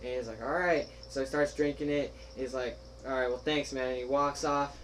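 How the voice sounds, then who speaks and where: A man's voice: mid-range voice, a little fast, slight background noise, low-quality recording. A young man casually telling a story to friends, acting out what others said and laughing along. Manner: animated, laughing, acts out quoted friends. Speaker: podcast host telling a story.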